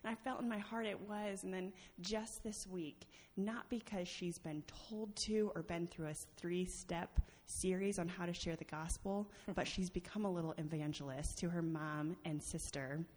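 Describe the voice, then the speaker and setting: A woman's voice: lowish voice, fairly even intonation, normal speed, hardly any pauses, a little mellow, a little hiss or hum. A woman sharing a personal testimony with a church congregation in a chatty storytelling way, laughing often and using many fillers. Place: church sanctuary. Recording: long reverb of a large hall.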